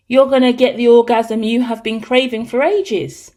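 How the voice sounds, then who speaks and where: A woman giving a collective tarot reading, talking in an excitable, rambling, cheeky way. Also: fairly high pitch, normal speed, few pauses. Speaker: tarot reader.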